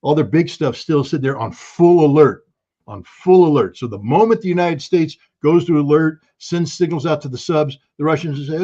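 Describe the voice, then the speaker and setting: A man's voice: fairly high pitch, normal speed, warm tone, highs cut off. A man speaking as a guest analyst in an interview, blunt and emphatic, now and then bursting into alarm. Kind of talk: interview commentary.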